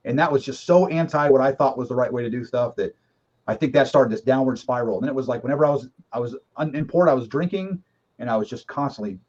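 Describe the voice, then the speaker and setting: A man's voice: medium pitch, fast, a little mellow. A middle-aged man, a guest in a casual conversation, telling his story candidly and emphatically, with some swearing. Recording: dull lo-fi recording.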